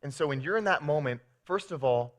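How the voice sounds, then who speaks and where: A man's voice: a little high, animated, a little fast, fairly bright tone. A man preaching a sermon as pastor, telling stories with playful acted quotes.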